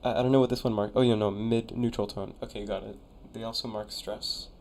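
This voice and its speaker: Brisk and steady, the voice is fairly low and a little mellow, carrying a slight hiss or hum. It belongs to a young adult college student who casually streams, reads viewer chat aloud and sounds out invented words while reviewing their conlangs.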